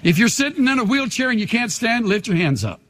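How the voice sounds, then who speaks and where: Older male pastor, husky, echoing hall. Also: very high voice, big pitch swings, a little fast, a bit bright. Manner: leads congregation in call-and-response; emphatic, repetitive phrasing. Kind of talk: sermon with altar call. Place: large church sanctuary. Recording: long hall reverb.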